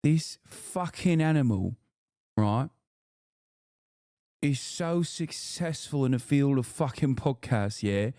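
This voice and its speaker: A man's voice: medium pitch, slow pace, long pauses, darkish tone, no echo, studio quality. A man hosting a livestream, lecturing his chat in rambling, profane casual commentary. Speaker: livestream host.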